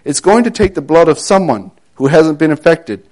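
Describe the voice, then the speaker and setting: A preacher telling a dramatic second-person story in a sermon, dropping low and quiet on grave moments. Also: male voice, very animated, moderate pace.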